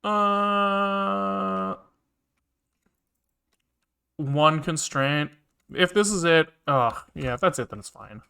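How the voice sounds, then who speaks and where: A man's voice: on the high side, lively intonation, drawn-out words, creaky, long pauses, bright, forceful tone, clear, resonant tone. A man live-streaming his programming, thinking aloud and muttering to himself with casual swearing, keyboard clicks behind him. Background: keyboard typing and clicking.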